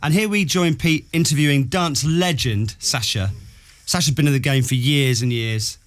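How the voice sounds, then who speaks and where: A man's voice: medium pitch, normal speed. A man hosting a radio comedy game, teasing and upbeat in studio banter. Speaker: radio show host. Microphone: studio mic.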